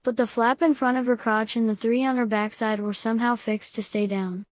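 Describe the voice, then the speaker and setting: A woman narrating a first-person story in a steady, even reading voice. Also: fairly high pitch, fairly quick, dry recording. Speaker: audiobook reader.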